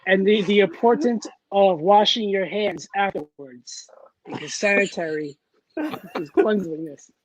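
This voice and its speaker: A man's voice: high voice, unhurried, rough recording. A man co-hosting a casual podcast chat, telling a story animatedly and acting out the dialogue. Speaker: podcast co-host.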